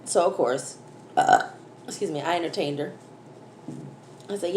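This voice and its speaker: A woman's voice: low-pitched, measured pace. A woman, a mother, telling a story animatedly to her viewers in a casual chat while eating. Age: adult, mother of a school-age daughter. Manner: animated, exclaiming, addresses viewers as y'all. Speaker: food vlogger. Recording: echoey room, faint background noise.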